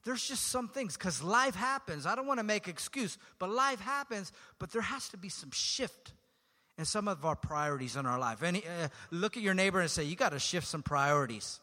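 A man's voice: high-pitched, animated, brisk, bright, forceful tone. A man preaching a sermon as pastor, talking conversationally and joking with his congregation. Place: church sanctuary. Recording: long hall reverb.

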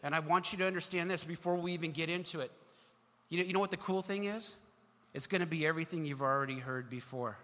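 A young man preaches to his congregation in a high, bright voice. He drives his points with emphatic surges and sudden quiet drops. The sound rings with the long reverb of a large hall. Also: fast. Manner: emphatic, builds to shouts then drops low. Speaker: pastor. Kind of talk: sermon. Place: church hall.

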